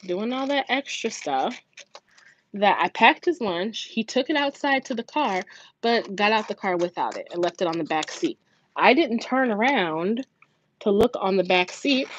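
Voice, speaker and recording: A woman telling a long story about her morning in an animated, chatty way, swearing freely and acting out what others said in a raised voice. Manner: acts out quoted voices in raised pitch. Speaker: budgeting vlogger, mother. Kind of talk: casual storytelling to camera. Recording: dull lo-fi sound with faint noise.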